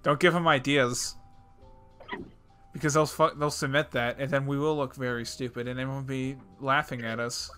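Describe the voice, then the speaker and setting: A young man co-hosting a podcast, making edgy jokes with sarcastic, deadpan asides in casual chat. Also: mid-range voice, moderate pace, soft background music. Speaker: podcast co-host.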